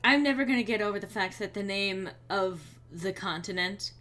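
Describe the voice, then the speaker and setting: A woman's voice: medium pitch, moderate pace, pushed and bright. A woman streaming a video game, giving chatty, sardonic commentary at her microphone. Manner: chatty and sardonic, laughing often. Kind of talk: casual gameplay commentary.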